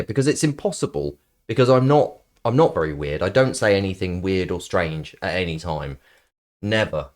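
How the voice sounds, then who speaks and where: A man's voice: low-pitched, a little mellow. A man streaming live, chatting casually to viewers in a playful, sarcastic, rambling way with plenty of ums.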